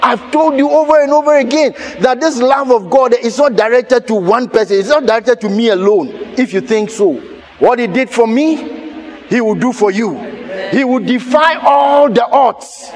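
A man preaching a sermon in a church, telling a personal story with laughter and sudden shouts. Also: extremely high pitch, normal speed. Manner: animated, laughing, bursts of shouting. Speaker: pastor.

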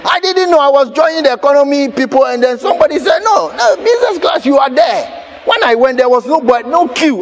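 A man preaching a sermon in a church, telling a personal story with laughter and sudden shouts. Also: very high-pitched. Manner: animated, laughing, bursts of shouting. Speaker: pastor.

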